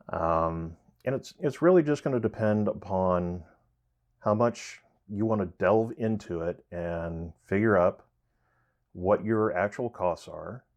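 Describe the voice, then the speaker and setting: A man hosting a woodshop channel, explaining pricing in a relaxed, rambling way with many fillers and self-corrections. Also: sits low. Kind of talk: casual how-to explanation.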